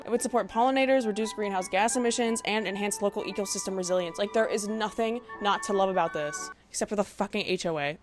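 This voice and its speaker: Young woman, American, vlog rant, exasperated, swears a lot, mid-pitched, faint background music. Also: quick pace, hardly any pauses. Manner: passionate and exasperated, swearing, laughing at herself. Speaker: video essay creator. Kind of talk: ranting educational vlog.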